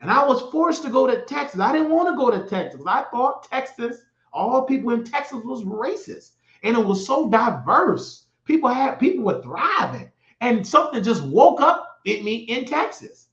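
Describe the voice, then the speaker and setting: A man's voice: very high voice, very animated, moderate pace. A man from the United States hosting his own show, giving an impassioned, rambling political monologue. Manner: heated, shouting at times, rambling with restarts. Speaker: show host. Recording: echoey room, dull lo-fi sound.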